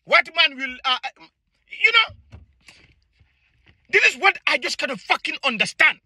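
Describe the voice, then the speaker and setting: A man's voice: very high-pitched, sing-song, unhurried, sharp tone, dry recording. A man from Africa, delivering a heated, indignant and profane rant that repeats phrases for emphasis. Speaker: vlogger. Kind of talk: angry ranting monologue.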